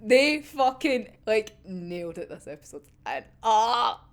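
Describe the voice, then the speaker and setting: Woman, high-pitched, very lively intonation, sweary, laughs a lot, casual episode recap. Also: measured pace. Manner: animated, sweary, laughs often. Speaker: anime episode reviewer.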